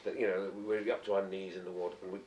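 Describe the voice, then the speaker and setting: Male actor, animated storyteller, roomy echo, far from the mic, amateur tape. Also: rapid-fire, a little hiss or hum. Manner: animated storyteller who acts out voices. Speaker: actor, interview guest. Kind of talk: anecdotal interview chat. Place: indoor fan dinner event. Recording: roomy, distant, low-quality amateur tape.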